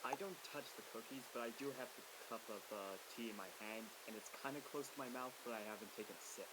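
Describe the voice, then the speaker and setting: A man's voice: mid-range voice, brisk. Hesitant man full of ums, hissy recording. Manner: hesitant, suspicious. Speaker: player. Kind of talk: tabletop game chat.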